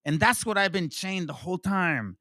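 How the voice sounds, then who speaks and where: High, animated male storyteller. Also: moderate pace, no echo, clean studio sound. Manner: animated storyteller, acts out quotes, profane. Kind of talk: casual discussion.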